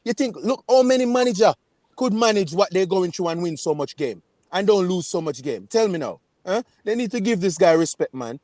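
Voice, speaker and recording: Jamaican fan caller, high-pitched, dry close sound, fiery emphatic delivery. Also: male voice, expressive, fairly quick, darkish tone, no echo. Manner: fiery, emphatic, repeats "man" and "you understand". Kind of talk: passionate fan rant on a video call.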